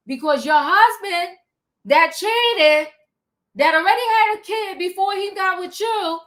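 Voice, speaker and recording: Woman, high voice, livestream host, casual chat, sassy, animated. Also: measured pace. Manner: animated, sassy, talks back to the people she recaps. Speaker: livestream host recapping a reality show.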